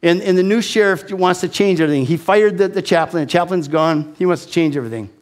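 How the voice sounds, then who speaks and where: A man in his sixties telling a personal testimony as an animated, self-deprecating storyteller with frequent restarts. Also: sits high, fast. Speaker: speaker giving a testimony.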